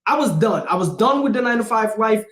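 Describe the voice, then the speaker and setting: A man hosting a livestream as a real estate investor, speaking in a casual, energetic, emphatic way and repeating phrases for punch. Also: high voice, quick pace, roomy sound. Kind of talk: casual motivational talk.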